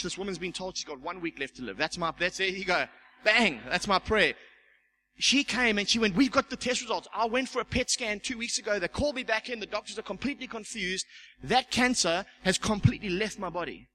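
A church elder preaching with a high, bright voice, acting out the people in his story. He repeats words as he builds up, with a faint hiss under the recording. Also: fairly quick, low-quality recording. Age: young adult. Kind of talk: sermon with personal testimony.

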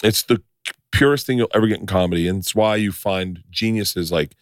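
A middle-aged man hosting a podcast, telling stories in a profane, animated way in casual chat. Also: sits low, fairly quick, dry recording, studio quality. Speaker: podcast host.

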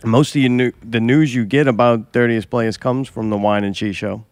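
A man's voice: mid-range voice, fairly even intonation, normal speed, clean tone, no room sound. Joking man hosting a loose chat. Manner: joking, crude, teasing. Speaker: podcast host. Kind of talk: casual banter.

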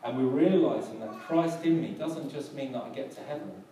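Pastor preaching in an echoey hall. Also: male voice, mid-range voice, lively intonation, moderate pace, dark tone. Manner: hesitant, many ums and restarts. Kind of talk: sermon. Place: church hall. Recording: echoey hall from far off, background noise.

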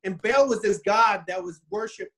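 A man casually retelling a Bible story in an animated, rambling way, often restarting his sentences. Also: sits high, normal speed, poor audio.

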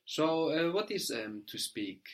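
Speaking a little high with big swings in pitch, a man teaches a language lesson. He prompts his pupil with patience, spells each word letter by letter, and keeps checking with a quick "no?".

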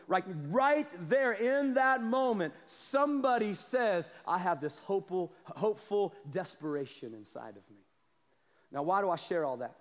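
A man preaching a sermon as pastor, moving from quiet asides to shouted calls. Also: sits high. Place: church sanctuary. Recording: long hall reverb. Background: congregation responding.

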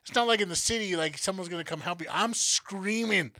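A man co-hosting a podcast, telling stories in a casual, animated and profane way. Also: high-pitched, brisk, no echo. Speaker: podcast co-host. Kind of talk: casual storytelling chat.

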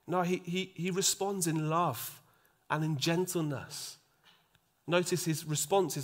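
A man preaching a sermon, acting out the voices in the story and dropping to a soft hush for emphasis. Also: fairly high pitch, a little slow. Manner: animated, acts out quoted voices, drops to a soft hush for emphasis.

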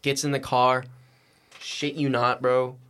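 A young man, a podcast guest, telling a story in a casual, animated, slangy and profane way. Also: mid-range voice, takes it slowly, clean tone.

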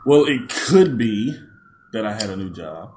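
Lively-pitched man from Alabama. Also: a little slow. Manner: wry, teasing banter. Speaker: podcast co-host. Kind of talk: casual podcast chat.

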